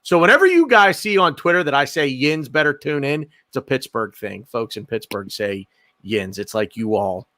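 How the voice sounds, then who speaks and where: A man's voice: medium pitch, animated, a little fast, hardly any pauses, sharp tone, no echo. A man hosting a casual fan podcast, reading out donations and passing the word to his panelists. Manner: reads out donations, hands over to panelists. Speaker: podcast host.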